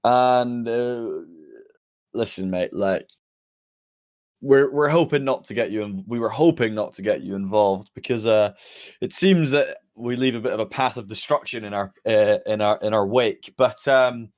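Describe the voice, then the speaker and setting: A man's voice: on the low side, moderate pace. Rambling, pleading man playing a game. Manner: rambling, pleading, stumbling over words. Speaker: player. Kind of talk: in-character tabletop role-play.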